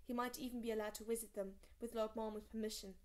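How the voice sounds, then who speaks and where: A woman reading a fantasy novel aloud as an audiobook narrator, steady and measured. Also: fairly high pitch. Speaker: audiobook reader.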